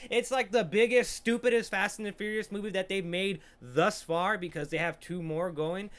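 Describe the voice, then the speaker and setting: A man's voice: sits high, brisk, few pauses, bright, forceful tone. A man hosting a podcast, casually reacting to a trailer and reviewing a movie in a profane, rambling, jokey way. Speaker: podcast host.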